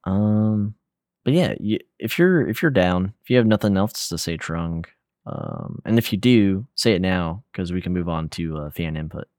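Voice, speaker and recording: Young male podcast co-host, very low voice, relaxed rambling delivery, dry room. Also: normal speed, dry recording. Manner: relaxed, rambling, lots of fillers and slang. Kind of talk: casual gaming podcast chat.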